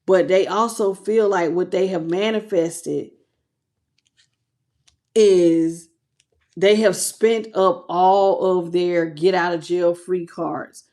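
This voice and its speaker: A woman's voice: on the low side, steady tone, slow pace, a little mellow. Slangy, emotional woman tarot reader. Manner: emotional, slangy, talks straight to viewers. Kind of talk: casual tarot reading to camera.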